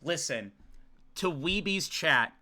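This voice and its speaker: A man hosting a casual stream chat, rambling dramatically and acting out his chat in shouted voices. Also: fairly high pitch, animated, takes it slowly. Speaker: streamer host.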